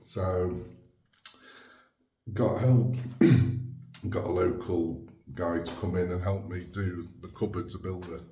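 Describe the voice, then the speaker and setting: A man with a low, steady, warm voice chats to camera in a laid-back home renovation vlog, speaking slowly with long pauses and chuckling often. He's renovating a house, filmed outdoors on a rural property and inside a small kitchen, with a little hiss or hum in the audio.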